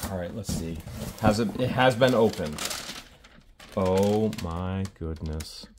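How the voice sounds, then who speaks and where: Brief: man, lowish voice, unhurried delivery, excitable treasure hunter, noisy take. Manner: excitable, keeps exclaiming in wonder. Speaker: treasure hunting vlogger. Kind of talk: casual unboxing commentary.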